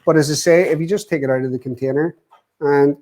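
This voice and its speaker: A man's voice: fairly high pitch, fairly even intonation, fast talker, noisy background. A man cooking live on camera, talking viewers through a recipe in a chatty way, often saying "as I say" and "wee". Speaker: guest cook.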